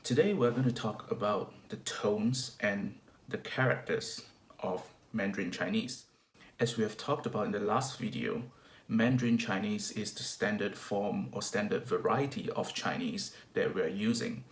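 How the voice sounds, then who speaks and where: A man's voice: lowish voice, moderate pace, reverberant. A man from Malaysia giving a video lesson on singing diction, explaining step by step with hesitant restarts.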